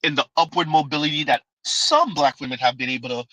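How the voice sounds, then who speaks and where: A man's voice: a little high, fast talker, pushed and bright, no echo, poor audio. Sarcastic man riffing on a livestream. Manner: preachy, sarcastic, repeats "Huh?" and "Right?". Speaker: commentary streamer. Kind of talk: livestream commentary reacting to clips.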